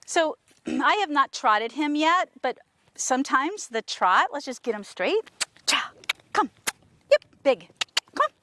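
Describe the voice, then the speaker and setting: A woman horse trainer talking casually to viewers while working a horse, coaxing it with soft praise and explaining with enthusiasm. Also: sits high, big pitch swings, slow pace, long pauses, slight background noise. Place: outdoors with a horse.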